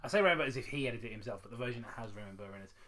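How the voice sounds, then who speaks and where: A man hosting a casual film podcast, explaining film history quickly like a film buff. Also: fairly low pitch, heavy background noise. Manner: rapid, knowledgeable film-buff explaining, laughs often. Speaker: podcast host and editor.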